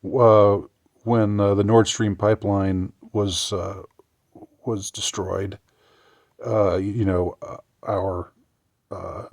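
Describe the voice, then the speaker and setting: A man giving sarcastic political commentary in a halting way, often restarting his sentences. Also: on the low side, flat delivery, gravelly, a little mellow, dry recording, clean studio sound. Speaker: commentary vlogger.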